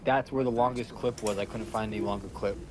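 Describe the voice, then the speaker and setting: A man's voice: on the low side, steady tone, fast talker, a little mellow. A man joining a live stream as a friend, chatting in slangy, joking banter. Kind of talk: casual stream chat.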